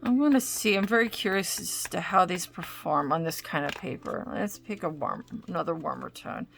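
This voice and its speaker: A woman's voice: lowish voice, moderate pace, vocal fry, fairly bright tone, slight background noise. A woman hosting a casual art supplies demo at home, chatting and rambling as she tries crayons. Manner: chatty, rambling, self-interrupting. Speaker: art supplies video host. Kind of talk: casual crafting demo talk. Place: home craft desk.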